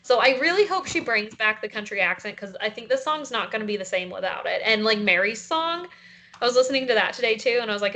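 A woman's voice: a little high, animated, fast talker, sharp tone. A young woman from South Carolina with a light Southern accent, chatting casually as a podcast co-host and using many fillers. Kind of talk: casual chat.

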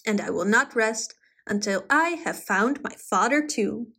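A woman voicing a proud, excited young tomcat in a storybook. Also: fairly high pitch, unhurried, slightly rough, exaggerated voice.

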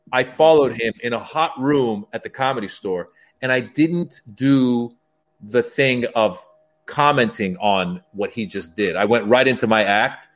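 A stand-up comedian telling stories as a guest, acting out the dialogue in raised voices. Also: male voice, mid-range voice. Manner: animated, acts out quoted dialogue in raised voices. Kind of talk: storytelling as a podcast guest.

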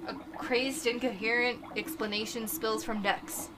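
A woman reading a horror comic aloud among friends, narrating in an unhurried, playful way. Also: a little high, fairly even intonation, background noise. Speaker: reader.

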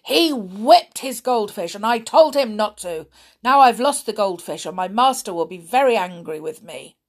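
A loud, bossy little male pixie from a storybook, raising his voice high to lay down the rules, as a woman reads him aloud. His voice sits above the reader's own and carries more force. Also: sing-song, takes it slowly, full character voice. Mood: angry. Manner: scolding, loud and sharp.

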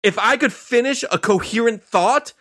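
A man co-hosting a podcast, casually chatting and teasing the others in quick bursts. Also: very high-pitched, a bit bright, no room sound, studio quality. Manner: joking, teasing, rapid bursts. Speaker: podcast co-host. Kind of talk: casual chat.

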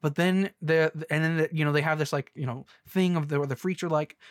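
A man's voice: on the high side, steady tone, a little fast, clean tone, no room sound, studio quality. A young man ranting casually about a movie, rambling and sarcastic, with many restarts. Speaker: movie reviewer.

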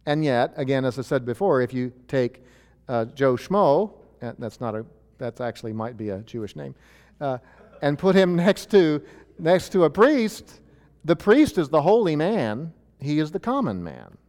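A pastor teaches from a chart in a loose, chatty way, restarting his sentences and filling pauses. His pitch swings up and down with animation. His voice carries a long reverb from a church hall. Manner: lively, conversational, many fillers and restarts.

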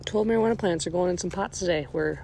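A young woman chats and jokes on her podcast while sitting outside. Her voice has a gravelly, creaky edge. Faint outdoor noise runs underneath. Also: fairly low pitch, fast, mellow. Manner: playful, joking, laughs easily. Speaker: podcast co-host. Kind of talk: casual chat. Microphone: handheld recorder moved between speakers.

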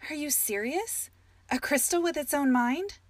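A woman voicing an earnest, anxious young fairy queen in a storybook reading, speaking higher and more urgently. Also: big pitch swings, a little slow, a bit bright, breathy edge, dry recording, heavily acted.

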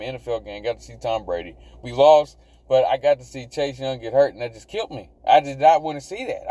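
Animated man ranting about football. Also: a little high, dry recording, low-quality recording. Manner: animated, rambling, repeats himself, swears. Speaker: podcast host. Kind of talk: casual sports talk.

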